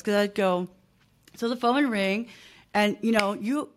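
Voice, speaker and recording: A woman in her fifties who owns a small business is a guest on a casual podcast interview. She talks at a medium pitch and moderate pace in a chatty, emphatic way, often checking in with "right?" and "okay?".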